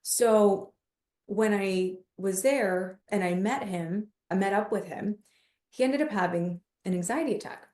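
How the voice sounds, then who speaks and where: A woman guest on a podcast, a comedian and mindfulness coach, telling stories in a lively, casual way and acting out the voices of people she quotes. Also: medium pitch, moderate pace, roomy sound. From United States. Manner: animated, acts out quoted voices in her stories. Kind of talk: casual interview storytelling.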